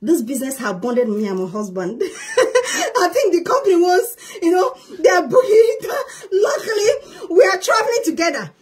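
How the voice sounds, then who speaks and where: A woman promoting her network marketing business in an excited live video, shrieking with joy, laughing often and repeating herself. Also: extremely high pitch, normal speed, few pauses. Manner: shrieking, exuberant, repetitive; laughs often while talking.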